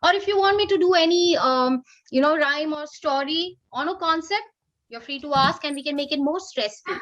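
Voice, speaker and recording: A woman's voice: high-pitched, moderate pace, fairly bright tone, muffled recording. A middle-aged woman with an Indian English accent, coaching teachers in an upbeat online workshop. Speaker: teacher trainer. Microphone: video call.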